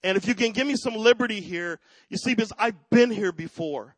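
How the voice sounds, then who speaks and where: A middle-aged pastor with a high voice preaches a sermon. He moves from quiet personal storytelling to loud, fervent declarations. The sound is dry, with little room around it. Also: a little fast, dry recording, rough recording.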